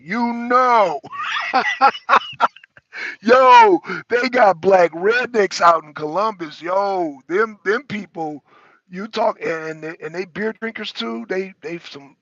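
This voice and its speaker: A man with a notably high voice talks in loose, animated chat, cursing freely and often breaking into laughter. He stumbles over and repeats words as he goes. The recording is dry and dull, like a lo-fi stream. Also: no room sound. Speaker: talk show panelist. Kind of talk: casual chat.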